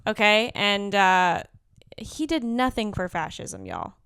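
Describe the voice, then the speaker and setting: A woman co-hosting a casual podcast, animated and blunt, swearing freely and tripping over restarts as she talks fast. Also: mid-range voice, clean tone, no room sound, clean studio sound. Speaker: podcast co-host. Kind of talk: casual chat.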